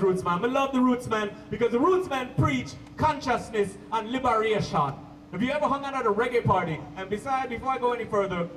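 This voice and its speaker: A man doing a stand-up comedy set, telling stories in a brisk, conversational way on a stadium stage. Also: extremely high pitch, fairly bright tone, a little hiss or hum. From Trinidad. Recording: echoey, distant live stage audio.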